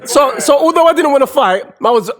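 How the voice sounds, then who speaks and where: A man's voice: very high-pitched, brisk, background noise. A man, a podcast co-host telling a comic school-fight story and acting out voices. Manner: lively, acts out voices and sounds.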